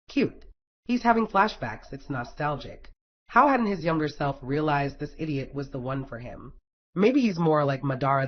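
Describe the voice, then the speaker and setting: A man reading a fan fiction story aloud in a wry, casual storytelling manner. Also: mid-range voice. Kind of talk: audiobook narration. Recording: dull lo-fi recording.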